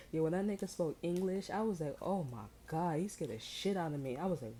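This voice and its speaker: A woman's voice: lowish voice, fast, dark tone, slight background noise, rough recording. A woman tarot reader in slangy, rambling casual chat, amused and full of fillers. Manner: amused, breaks into laughter.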